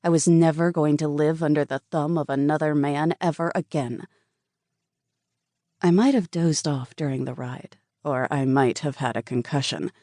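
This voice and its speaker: A woman's voice: sits low, moderate pace, dark tone, no room sound, studio quality. A woman narrating a first-person romance audiobook in an earnest, intimate way.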